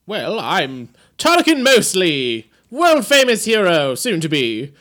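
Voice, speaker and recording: A man's voice: high-pitched, wildly swooping pitch, slow, fairly bright tone, pitched above the performer's own voice, exaggerated voice. A man voicing a courtly, boastful would-be hero with old-fashioned phrasing. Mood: genteel.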